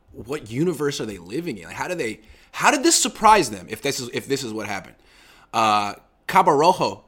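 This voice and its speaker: Bright-voiced opinionated male sports host. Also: medium pitch. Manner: animated, opinionated, reads listener comments. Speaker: podcast host. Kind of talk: casual sports talk.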